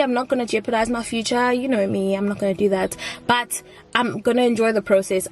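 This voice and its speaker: A woman's voice: mid-range voice, dry recording. Brief: woman, 20s, casual upbeat vlogger, dry close sound. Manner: chatty, rambling, upbeat, mixes in isiZulu phrases. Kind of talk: casual chat to camera.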